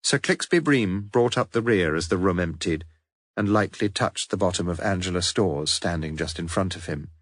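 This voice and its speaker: A man reading a detective novel aloud as an audiobook narrator, in a measured, dry storytelling manner. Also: low voice, no echo. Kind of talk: scripted narration.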